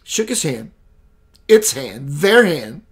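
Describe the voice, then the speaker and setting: A man hosting a radio show, telling a personal story in an animated way with dramatic pauses, swinging between loud and hushed. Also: a little high, breathy edge. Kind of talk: storytelling monologue.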